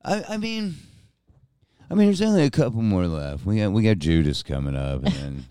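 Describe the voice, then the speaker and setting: A man's voice: low-pitched, very animated, moderate pace, mellow, smooth, no echo, studio quality. A man co-hosting a podcast, chatting casually with frequent swearing, laughter and stammered restarts. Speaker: podcast co-host. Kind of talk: casual chat reacting to recordings.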